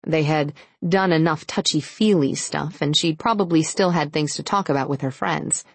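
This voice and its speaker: Low, husky-voiced woman to narrate a romance audiobook, steady read, dry close sound. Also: normal speed, no room sound. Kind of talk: scripted narration.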